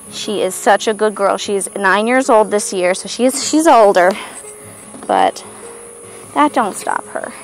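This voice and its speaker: A woman's voice: mid-range voice, poor audio. Breathless woman cooing at farm animals. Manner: chatty, coos baby talk at the animals. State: out of breath from walking in the heat. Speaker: homesteader showing her farm animals. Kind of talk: casual farm tour vlog. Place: outdoors on a farm pasture.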